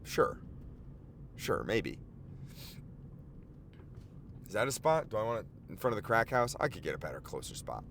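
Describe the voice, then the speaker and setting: Lively, rambling young man in a car. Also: on the low side, normal speed, creaky, pauses often, a little hiss or hum. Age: 20s. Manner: animated, rambling, swears often. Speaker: podcast host. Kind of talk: rambling comic monologue. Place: inside a car while driving and parking.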